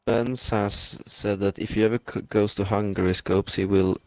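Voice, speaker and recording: A man's voice: on the low side, fairly even intonation, normal speed, no room sound. A man whose first language is Swedish, co-hosting a casual chat, hesitant and amused, often restarting his sentences.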